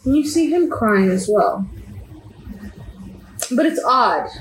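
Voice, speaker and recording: A woman's voice: fairly high pitch, lively intonation. A woman running a tabletop game as game master, narrating scenes to a player in vivid second-person detail. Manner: slow, vivid descriptive narration. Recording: roomy echo, faint background noise.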